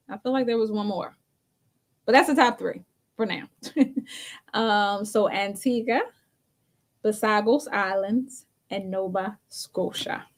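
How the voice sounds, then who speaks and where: Co-hosting a talk show, a woman with a slightly high voice tells a story in a casual, chatty way, laughing often between phrases.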